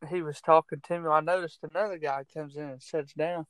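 A man's voice: on the high side, steady tone, a little fast, no echo. A man who is a minister and a barber, earnestly telling stories in a casual chat. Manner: earnest, laughs often. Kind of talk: casual storytelling.

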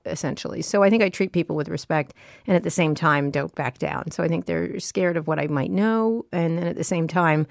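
A woman tech journalist speaking as an interview guest in a studio, blunt, quick-witted and self-assured. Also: deep voice, vocal fry, no room sound. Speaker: technology journalist.

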